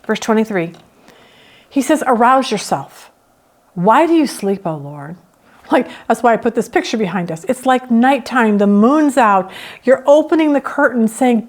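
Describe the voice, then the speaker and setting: A woman leading a Bible study, reading scripture and teaching, who acts out the psalmist's complaints with feeling. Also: normal speed. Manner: expressive, acts out the psalmist's complaints with rising pitch.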